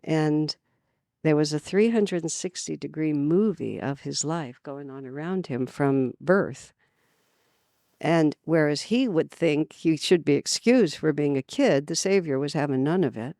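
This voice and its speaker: A woman from California giving an earnest spiritual talk at a retreat, telling stories with lively emphasis. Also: low voice, unhurried, dry recording, clean studio sound. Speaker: spiritual teacher. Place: retreat gathering.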